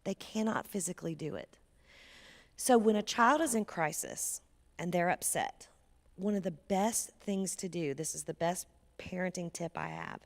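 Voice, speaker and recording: A woman with a low voice and vocal fry speaks as a guest at a church, giving an earnest, conversational talk about parenting. For emphasis she drops almost to a whisper.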